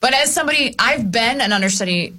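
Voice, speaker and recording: A woman's voice: a little high, animated, quick pace, bright, forceful tone. A woman in her thirties, a musical theater actress, chatting as a guest and laughing easily. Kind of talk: casual chat.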